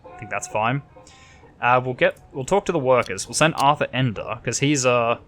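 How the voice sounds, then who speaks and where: A man's voice: mid-range voice, lively intonation, moderate pace, a bit bright, soft background music. An Australian man hosting a let's play, chatting casually and thinking aloud while reading the game's text.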